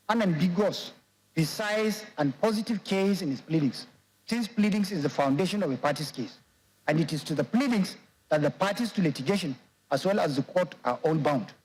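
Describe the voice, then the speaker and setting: A man with a Nigerian English accent reads a court judgment aloud in a courtroom. His voice sits fairly high, and he works through the legal text in a formal, measured way, quoting cases and provisions. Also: darkish tone, a little hiss or hum, low-quality recording. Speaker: judge.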